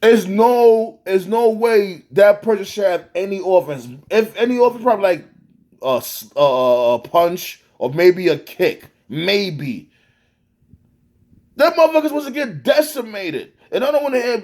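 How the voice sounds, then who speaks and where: A man's voice: sits high, unhurried. A man giving a profane, exasperated rant reviewing a wrestling match. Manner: animated, swearing, exasperated.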